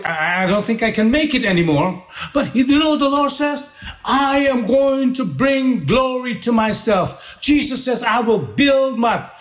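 A pastor preaching a sermon, building his points through repeated rhythmic phrases. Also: high-pitched.

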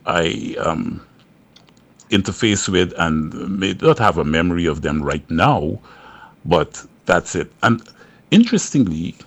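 A man, a songwriter guest, talking slowly from home on a call, with many pauses and fillers. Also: low voice. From Guyana. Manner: slow, halting, many fillers. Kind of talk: remote interview. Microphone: phone or video call from home.

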